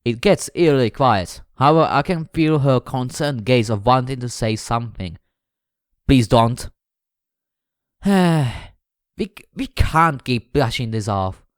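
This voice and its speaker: A man's voice: animated, unhurried, clear, resonant tone, no echo, natural voice. Man playing a sullen teen boy outcast, tired, grumbling, dry close sound. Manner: sulky, low, grumbling. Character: sullen, sleep-deprived teenage boy outcast.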